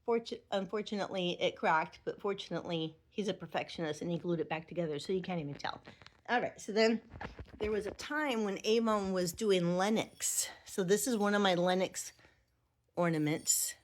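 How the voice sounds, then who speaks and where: A middle-aged woman, an Avon representative, shares her Christmas tree ornaments at home in a casual vlog, chatting warmly and thinking aloud. She speaks at a normal speed in a lowish voice.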